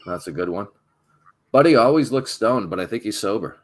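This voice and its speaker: A man's voice: lowish voice, animated, a little fast. A man co-hosting a podcast in casual chat, making dry, understated remarks. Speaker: podcast co-host.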